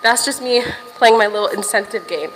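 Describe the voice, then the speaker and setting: A woman's voice: medium pitch, fairly quick, fairly bright tone, big-room sound, a little hiss or hum, rough recording. A young woman livestreaming from a gym while walking on a stair machine, chatting casually to viewers, a little out of breath and swearing now and then.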